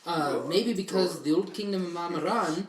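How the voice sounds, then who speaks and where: Woman game master, low voice, relaxed narration; echoey, noisy room. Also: normal speed, crowd noise.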